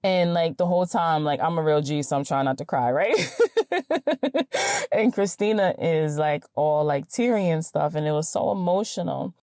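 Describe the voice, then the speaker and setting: A woman hosting a podcast, telling a personal story in a chatty, animated way with lots of fillers and quick "right?" checks. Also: low voice, no room sound, studio quality. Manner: animated, chatty, many fillers and tag questions. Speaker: podcast host. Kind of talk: casual storytelling.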